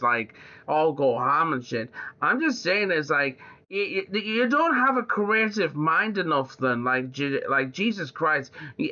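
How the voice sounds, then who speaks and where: A man's voice: on the high side, sharp tone. A man in casual chat who rambles, swears, and leans on fillers like "like" and "in general". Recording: slightly muffled lo-fi audio.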